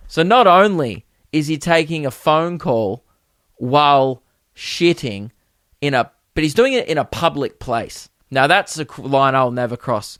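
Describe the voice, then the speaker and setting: A man's voice: medium pitch, moderate pace, dry recording. Man ranting through a comic story. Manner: animated, acts out quoted voices, exasperated. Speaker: podcast host. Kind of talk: comedic storytelling monologue.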